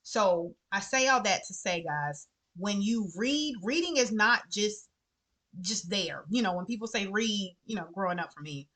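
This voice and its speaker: Earnest bright-voiced woman vlogger. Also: medium pitch, measured pace. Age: adult with children. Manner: earnest, animated, repeats phrases for emphasis. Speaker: vlogger sharing favorite books. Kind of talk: casual heartfelt chat to camera.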